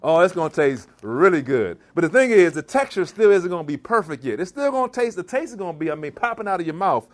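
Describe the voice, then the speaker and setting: A man's voice: high-pitched, sing-song, quick pace, hardly any pauses. A man giving a vegan cooking demonstration to a live audience, calling out to the crowd like a preacher. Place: church hall kitchen.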